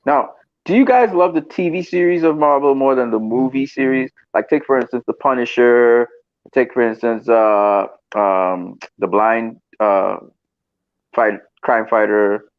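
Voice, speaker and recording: A man hosting a casual video chat, excitable and quick to exclaim. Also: mid-range voice. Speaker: host. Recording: dull lo-fi call audio.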